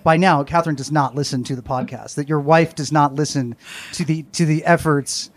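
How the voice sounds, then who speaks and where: A man's voice: a little high, steady tone, brisk, no echo. A man co-hosting a podcast in casual chat, wry and long-winded, joking at his own expense on a home balcony. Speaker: podcast co-host.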